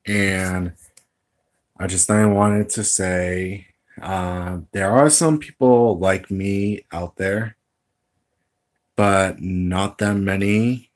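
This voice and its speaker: A man talking casually in a vlog, rambling and hesitant with many fillers as he shows off voices and animal noises. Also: low voice. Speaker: amateur voice impressionist.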